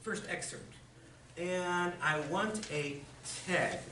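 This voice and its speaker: Upbeat guy teaching a class, fairly high voice, roomy faint-noise recording. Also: slow, pushed and bright. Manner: chatty, enthusiastic, with restarts and fillers. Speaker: lecturer. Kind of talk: lecture on literature. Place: lecture room with an audience. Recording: echoey room, distant mic, faint noise.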